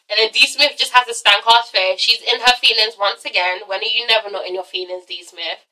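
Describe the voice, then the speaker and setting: Woman vlogger: bright, high, swears freely, chatty recap delivery. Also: moderate pace, far from the mic, rough recording. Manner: profane, chatty, peppered with "all right?". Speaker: vlogger reviewing a TV episode. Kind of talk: casual recap vlog.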